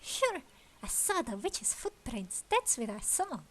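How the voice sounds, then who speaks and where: A boastful, childish young tower guard, put on by a woman, blusters in a high, bouncing voice. He is prickly and quick to take offence when his long name is mangled. A game character read aloud. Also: sing-song, fairly bright tone, full character voice.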